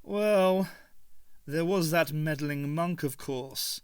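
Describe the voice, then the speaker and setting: A man voicing the Doctor, a brooding, grave time traveller who speaks low and grimly. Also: takes it slowly, clean tone, no room sound, studio quality. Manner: grim, low and muttering.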